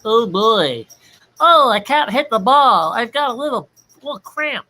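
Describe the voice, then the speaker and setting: A man voicing a whiny male baseball player cramping up, in a high, strained whimper. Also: big pitch swings, a little slow, sharp tone, heavily acted.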